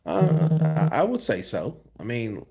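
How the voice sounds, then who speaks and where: A man's voice: fairly high pitch, big pitch swings, a little slow, creaky, dark tone, slightly rough. A tired man hosting boxing commentary, reading viewer comments in a loose, slangy, laid-back way. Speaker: host of a boxing news channel.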